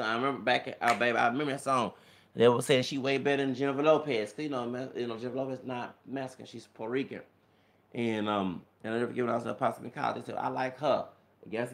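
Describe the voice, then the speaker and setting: Gravelly rambling man vlogging. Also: mid-range voice. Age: 30s. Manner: rambling, many fillers, addresses viewers as y'all. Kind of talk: casual rambling monologue.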